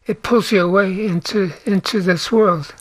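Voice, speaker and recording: An older man answering interview questions in short, halting, soft-spoken replies. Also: high voice, fairly even intonation, dry recording.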